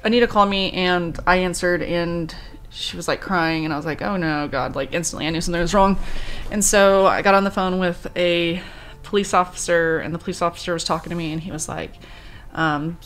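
Grieving woman telling a halting story. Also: fairly low pitch, steady tone, fairly bright tone, smooth. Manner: halting, many fillers and restarts, recounting quoted talk. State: grieving, subdued. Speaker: vlogger. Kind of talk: personal storytelling vlog.

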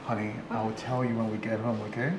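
An actor playing a worried husband, speaking with a Nigerian English accent in a tender, pleading way. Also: male voice, on the low side, level tone, fast, background noise, natural voice. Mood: relieved. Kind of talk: film acting. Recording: film score under the voice.

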